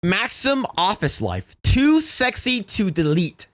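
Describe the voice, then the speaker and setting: A man's voice: high voice, very animated, slow, fairly bright tone, dry recording. A man hosting a podcast livestream in casual, blunt, rambling commentary, laughing now and then. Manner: blunt, rambling, laughs at his own jokes.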